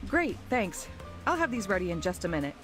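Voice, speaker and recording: A man's voice: high-pitched, big pitch swings, a little fast, fairly bright tone, faint music behind, voice pushed up. A man voicing a friendly, sarcastic young female bartender in a visual novel read-through. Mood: teasing. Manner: teasing, sarcastic. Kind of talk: reading a visual novel aloud.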